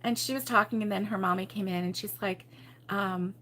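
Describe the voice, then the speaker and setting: A woman's voice: mid-range voice, fairly even intonation, a little fast, fairly bright tone. A middle-aged woman hosting a crochet channel, telling a story in casual live chat with viewers and laughing often.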